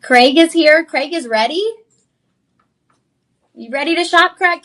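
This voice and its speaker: Upbeat shopping host, woman, slightly high voice, chatty live pitch. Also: measured pace, a bit bright. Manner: upbeat, chatty, says "y'all".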